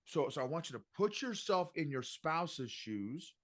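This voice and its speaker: Middle-aged man, podcast guest, casual and emphatic, repeats phrases, a touch higher-pitched. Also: measured pace. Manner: animated and emphatic, repeats phrases, says "bro". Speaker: guest, emotional intelligence coach.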